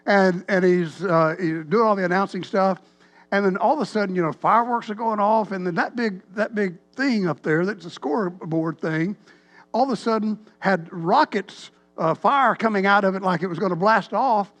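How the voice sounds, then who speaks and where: A man, a pastor telling a rambling, animated story in a sermon. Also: high voice, moderate pace. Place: church sanctuary.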